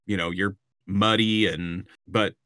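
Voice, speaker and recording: Low-voiced man narrating a tabletop game. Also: steady tone, takes it slowly, pushed and bright, no room sound, studio quality. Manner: descriptive, hesitant with frequent ums. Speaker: game master.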